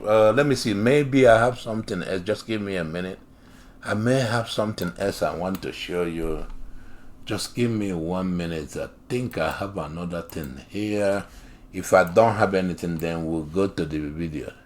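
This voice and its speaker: A man's voice: deep voice, normal speed, a little mellow. A man reading an article aloud and commenting on it. He talks in an emphatic, repetitive and sarcastic way.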